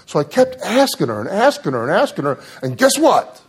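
A man's voice: on the high side, a little fast, few pauses, slightly rough. A middle-aged man preaching a sermon, telling a humorous personal story with dry asides before turning to scripture. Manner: storytelling, animated when quoting himself, dry asides.

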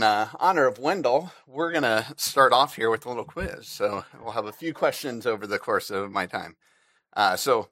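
Bright earnest man at a church lectern. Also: medium pitch, no echo. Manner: earnest, halting with fillers, briefly emotional. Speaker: church member giving a personal reflection. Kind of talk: personal reflection talk to a congregation.

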